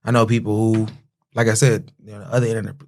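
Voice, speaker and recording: A man's voice: on the low side, little pitch movement, quick pace, a little mellow. A man hosting a podcast, chatting with his guest in a friendly, encouraging way. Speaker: podcast host. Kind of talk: casual interview chat.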